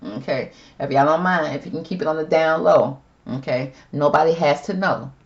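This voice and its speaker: A woman does a casual, chatty tarot reading with plenty of sass, calling her viewers "girl" and "y'all." Her low voice moves at a moderate pace, and the audio sounds dull.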